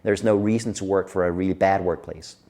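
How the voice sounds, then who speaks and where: A middle-aged man from Denmark, a guest in an interview who tells stories in a lively way and laughs often. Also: sits low, brisk. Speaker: guest expert on workplace happiness. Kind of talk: casual interview chat.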